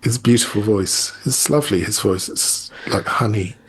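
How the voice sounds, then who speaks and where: A man's voice: lowish voice, moderate pace, husky. A man speaking as an interview guest in a candid, reflective conversation with a wry edge. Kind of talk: casual conversation.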